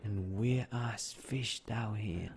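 A man's voice: lowish voice, slow pace, darkish tone. A man giving live game commentary, talking to himself, exclaiming and joking in broken English. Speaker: gameplay streamer. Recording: faint keyboard typing in background.

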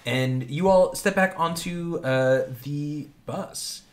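A man's voice: fairly high pitch, takes it slowly. A man narrating a tabletop game as game master, describing scenes with many fillers.

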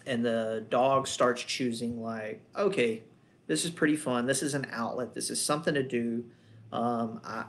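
A man, a dog trainer, explaining training in a loose, conversational way, wandering between points and posing rhetorical questions. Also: medium pitch. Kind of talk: casual instructional talk.

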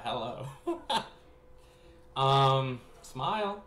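A man chats to his viewers in a loose, rambling storytelling voice that breaks into frequent laughter. He drifts from quiet, low asides to lively, excited stretches. The recording has a roomy echo and a faint background hiss. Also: normal speed. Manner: animated, laughs often, swings between hushed and excited. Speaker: spiritual reader and vlogger. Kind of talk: casual rambling storytelling to camera. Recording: echoey room with faint background noise.

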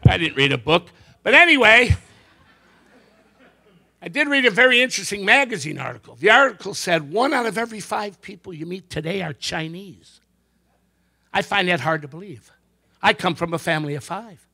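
Lively high-voiced stand-up comedian. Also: male voice, gravelly. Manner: joke-telling with quick character voices. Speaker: comedian and magician. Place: live show before an audience.

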